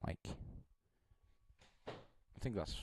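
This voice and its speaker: A man's voice: extremely slow, a little mellow, a little hiss or hum. A young man streaming live, thinking aloud in a rambling, casual way and poking fun at himself.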